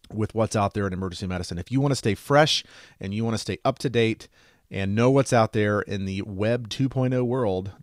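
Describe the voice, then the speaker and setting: Brief: male emergency medicine educator, lowish voice, chatty and upbeat, dry close sound. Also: no echo. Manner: chatty and enthusiastic, light joking. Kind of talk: casual screen-share lesson.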